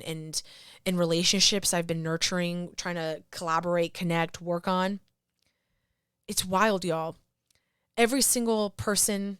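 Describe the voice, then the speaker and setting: Woman, podcast host, emotional and heartfelt, smooth voice, dry close sound. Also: medium pitch, a bit bright, no room sound. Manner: emotional, heartfelt, with restarts and sighs. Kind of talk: personal reflective monologue.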